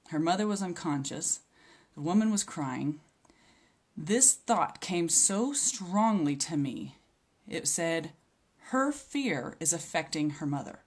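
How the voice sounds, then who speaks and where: Woman, lower-pitched, earnest testimony speaker, reflective and sincere. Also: darkish tone. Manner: earnest and reflective, with occasional hesitations. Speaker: speaker sharing a healing testimony. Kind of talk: personal faith testimony.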